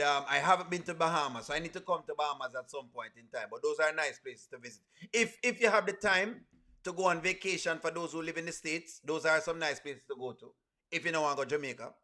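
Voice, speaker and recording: Casting: chatty male live-stream host, high, bright voice, reading viewer comments aloud. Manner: reads viewer comments aloud, shouting out cities; chatty, addresses viewers as friends. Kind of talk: casual live stream chat.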